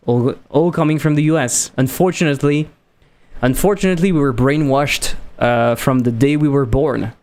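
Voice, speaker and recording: A man's voice: medium pitch, moderate pace, hardly any pauses. Chatty French man streaming. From France. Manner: animated, rambling and chatty. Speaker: game developer streamer. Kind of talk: casual live-stream chat.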